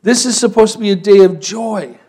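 Man, pastor, sermon, high voice, animated storyteller. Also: brisk, breathy edge.

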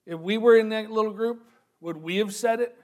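A man preaching a sermon, moving from quiet, thoughtful asides to loud, emphatic proclamation. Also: sits high.

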